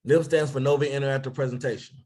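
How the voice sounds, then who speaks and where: A man running a team training on a live stream as a business coach, energetic, asking viewers for comments and shouting out names. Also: mid-range voice, fast talker.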